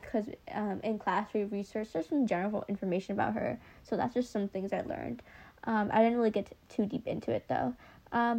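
A woman's voice: medium pitch, gravelly, darkish tone. A young woman hosting a casual book podcast, talking with a slight lisp from retainers and many filler words. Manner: chatty, many ums and likes. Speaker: podcast host.

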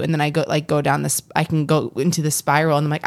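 A woman's voice: sits low, little pitch movement, fast talker, no echo. A young adult woman co-hosting a casual faith podcast, earnest and rambling with frequent restarts. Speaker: podcast co-host.

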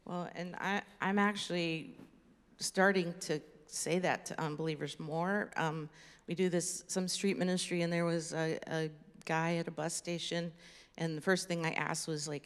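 A woman with a lowish, gravelly voice tells stories in a chatty, animated way, as part of a casual teaching talk. The sound carries a long hall reverb. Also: moderate pace. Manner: chatty, animated storytelling with laughs. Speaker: ministry leader.

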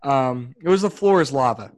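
A man co-hosting a casual sports podcast, talking in an animated, rambling way and laughing often. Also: medium pitch, normal speed. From Philadelphia area. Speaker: podcast co-host.

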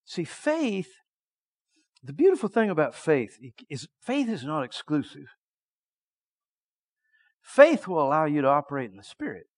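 A middle-aged male preacher telling a story in a sermon, dropping to a hush and then shouting. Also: a little high, moderate pace, pauses often. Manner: lively storytelling that swings from hushed to shouting.

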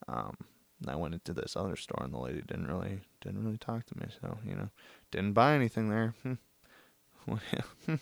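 A man's voice: low-pitched, a little fast, creaky, no echo. A young man alone at home, rambling and joking through a casual solo podcast. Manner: rambling, joking, self-mocking. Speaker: podcast host.

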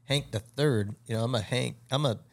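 Man, from the Chicago area, mid-pitched voice, co-host, casual chat, enthusiastic reactions. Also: normal speed, vocal fry.

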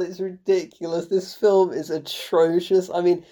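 A woman's voice: fairly low pitch, level tone, measured pace, mellow. A woman giving an exasperated, swearing film review, often breaking into laughter.

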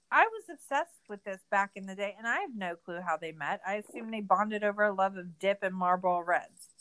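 A woman's voice: mid-range voice, fairly bright tone, rough recording. A woman in her thirties co-hosting a podcast, recapping a documentary in a sarcastic, exasperated rant full of swearing. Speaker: podcast co-host. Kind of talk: casual recap chat.

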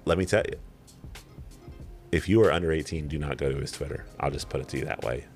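A man's voice: rumbling low, quick pace, faint music behind. A man in his thirties co-hosting a podcast, chatting casually and rambling off on tangents with chuckles. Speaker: podcast co-host.

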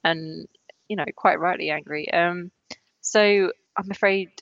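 A woman's voice: fairly low pitch, steady tone, measured pace, vocal fry, dry recording. Woman guest host, loose giggly improv narration, dry lo-fi podcast sound. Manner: giggly, rambling, second-person narration. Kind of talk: improvised comic storytelling.

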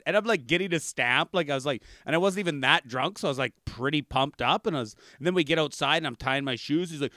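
A man's voice: a little high, expressive, quick pace, hardly any pauses, bright, forceful tone, dry recording, clean studio sound. A man who is a comedian, telling rambling stories in casual chat and laughing through them, on a video call. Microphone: remote video call.

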